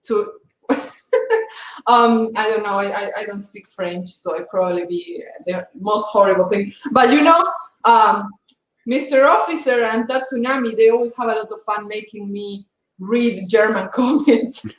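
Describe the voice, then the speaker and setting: A woman's voice: mid-range voice, normal speed, echoey room. A woman hosting a casual livestream, chatty and often laughing. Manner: giggly, chatty. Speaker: livestream host.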